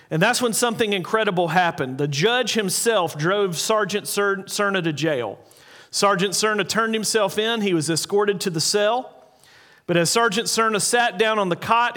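A man with a notably high voice delivers an earnest sermon. He slows down to stress key points and repeats important lines. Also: a bit bright. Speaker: pastor.

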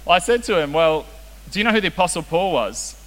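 A man's voice: high-pitched, expressive, fast, a bit bright. A young man preaching a casual, joking sermon as a youth pastor. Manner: casual, joking, self-deprecating. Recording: reverberant hall with faint hiss.

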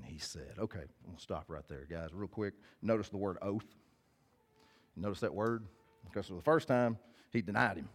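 A male pastor with a husky, low-sitting voice at normal speed gives a casual, direct sermon. He reads scripture aloud and then explains it to listeners in a conversational way.

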